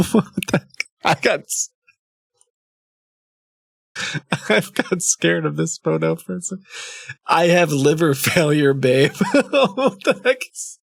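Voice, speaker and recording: A man's voice: high voice, huge pitch swings, takes it slowly, long pauses, no echo. A man streaming live, reading scam emails aloud with amused, chuckling, rambling asides. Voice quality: creaky.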